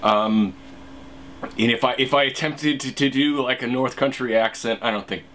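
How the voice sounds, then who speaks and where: A man's voice: mid-range voice, normal speed, a bit bright, a little hiss or hum. A man vlogging in a rambling, hesitant casual commentary monologue.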